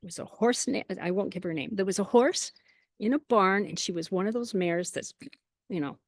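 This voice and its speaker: A woman chatting as an interview guest, telling lively anecdotes with quoted asides and frequent small laughs. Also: mid-range voice, moderate pace, no echo, clean studio sound. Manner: laughs often between phrases. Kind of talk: casual storytelling.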